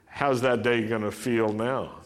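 Slow-speaking preacher in a reverberant hall. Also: male voice, medium pitch, steady tone. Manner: emphatic, repeated rhetorical questions. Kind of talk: sermon.

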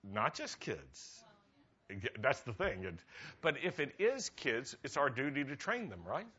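Rabbi giving a jokey sermon; bright, forceful man's voice, lively and chatty. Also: medium pitch, unhurried, husky, lo-fi sound. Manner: chatty, laughs at his own jokes. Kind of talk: humorous sermon.

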